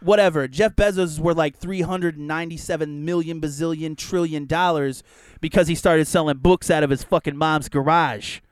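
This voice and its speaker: A man's voice: fairly high pitch, normal speed, smooth, no echo, clean studio sound. A man co-hosting a podcast, telling rambling comic stories full of swearing. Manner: profane, rambling, lively. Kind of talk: casual comedic storytelling.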